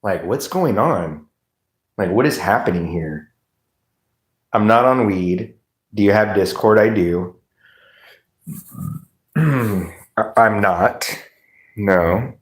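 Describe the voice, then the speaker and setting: A man's voice: on the low side, lively intonation, takes it slowly, long pauses. Laid-back man rambling on a livestream. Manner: rambling, laughing, profane, chatting with viewers. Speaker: live streamer. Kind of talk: casual livestream chat.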